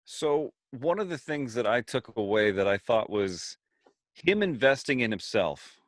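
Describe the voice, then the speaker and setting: Male podcast co-host, lively swinging pitch, mid-range voice, animated storyteller. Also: measured pace, dry recording, studio quality. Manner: animated, mimics voices while telling stories. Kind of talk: casual chat.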